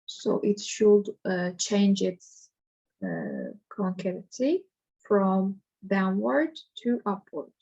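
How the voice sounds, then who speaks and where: Woman math teacher, unhurried and halting, thinking aloud, on a dull lo-fi recording. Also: mid-range voice, very animated, mellow, slightly rough. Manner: hesitant, thinking aloud with fillers. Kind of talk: slow worked-example lesson.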